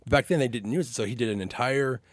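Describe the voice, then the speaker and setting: A man co-hosting a casual movie podcast, excitable and laughing often as he retells scenes. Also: mid-range voice, fast, no room sound, studio quality. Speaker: podcast co-host.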